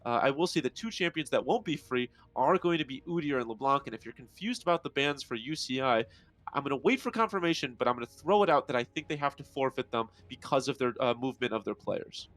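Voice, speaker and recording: A man's voice: mid-range voice, expressive, fast, a bit bright, no echo. An American man giving live esports color commentary, analytical and thinking aloud as he goes. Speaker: color caster.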